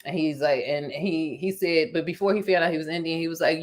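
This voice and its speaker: A woman's voice: low-pitched, fairly even intonation, brisk, hardly any pauses. Giggly woman with a Philadelphia accent. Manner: giggly, playful, crude jokes. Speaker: podcast co-host. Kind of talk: casual chat.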